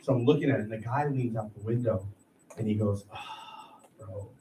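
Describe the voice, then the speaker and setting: A man's voice: fairly low pitch, fast. A man from Bridgeport, Connecticut doing a stand-up set, loose and profane, laughing through his bits. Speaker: stand-up comic. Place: small live comedy venue. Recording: echoey live room, far mic, loud crowd noise. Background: audience laughter and room ambience.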